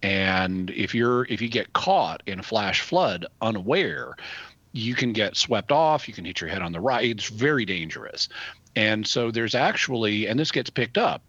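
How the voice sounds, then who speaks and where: A man who answers questions as the show's expert, explaining things step by step in a measured way and restarting phrases as he thinks. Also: lowish voice, animated, fairly bright tone, breathy edge, no room sound. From United States. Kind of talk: explanatory conversational talk. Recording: dull, dry lo-fi audio.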